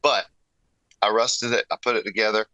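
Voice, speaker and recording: Man, low voice, forceful tone, rambling casual storyteller, podcast guest. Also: fairly even intonation, normal speed, no echo, muffled recording. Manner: rambling, self-interrupting storyteller. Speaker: podcast guest, airbrush artist.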